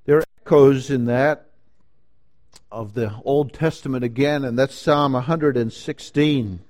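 A man preaching a sermon, slow and emphatic, rising to loud declarations and dropping to hushed lines. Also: mid-range voice. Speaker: pastor.

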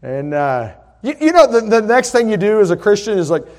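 A middle-aged man, preaching a sermon with folksy stories that build to loud, emphatic points. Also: high-pitched, sing-song, a little fast, a little hiss or hum. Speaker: pastor. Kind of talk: sermon with personal story.

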